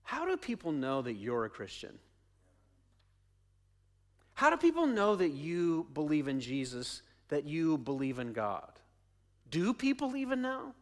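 A man's voice: fairly high pitch, huge pitch swings, measured pace, long pauses. A man preaching a sermon as pastor, conversational, asking the congregation questions and repeating his phrases.

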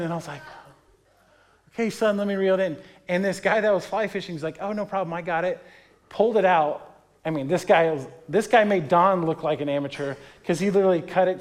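A man in his thirties, a pastor, preaching a sermon in a conversational, storytelling way, acting out the people he quotes. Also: fairly high pitch.

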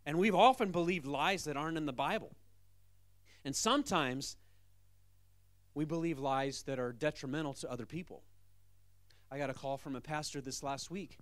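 Animated man preaching a sermon. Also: a little high, dry recording. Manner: animated, emphatic, conversational. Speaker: pastor.

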